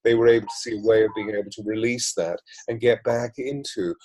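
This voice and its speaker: A man, a voice coach and mystic guest, talking in a measured, flowing way in an interview, building long lists and repetitions. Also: lowish voice, fairly even intonation, a little mellow, slight background noise, low-quality recording. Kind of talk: reflective interview talk.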